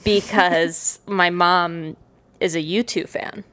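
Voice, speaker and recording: A woman's voice: lowish voice, steady tone, takes it slowly, a bit bright. A young woman co-hosting a casual chat podcast, teasing her co-host in a dry way.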